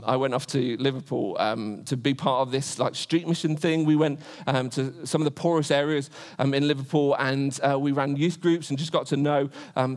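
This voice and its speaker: A man in his twenties preaching a sermon, earnest, asking rhetorical questions again and again. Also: medium pitch. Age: 20s.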